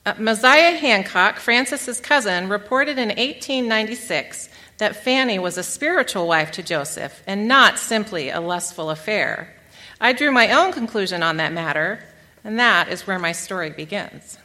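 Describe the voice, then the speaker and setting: A woman with a bright, forceful voice gives a talk to an audience, dropping wry, dry asides into her narration. Her voice carries with a long reverb tail through a lecture hall. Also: medium pitch, lively intonation, normal speed. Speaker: speaker giving a talk.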